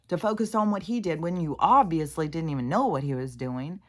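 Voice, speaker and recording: Low-voiced woman rambling frankly to viewers. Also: expressive, moderate pace. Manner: swears freely, frank and loose; heated, ranting at times. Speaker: spiritual vlogger. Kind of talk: casual rambling monologue to viewers.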